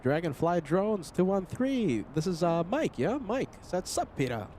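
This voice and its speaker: Chatty lively man hosting a live stream. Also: high voice, unhurried, a little hiss or hum. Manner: chatty, greets viewers by name. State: sick. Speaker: livestream host. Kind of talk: casual live plane-spotting commentary.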